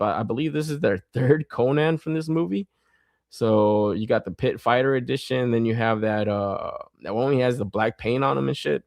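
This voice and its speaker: A man's voice: mid-range voice, vocal fry, no room sound, studio quality. A man hosting a podcast in a casual, rambling chat who laughs a lot and swears constantly. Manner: loose and rambling, with many fillers. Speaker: podcast host.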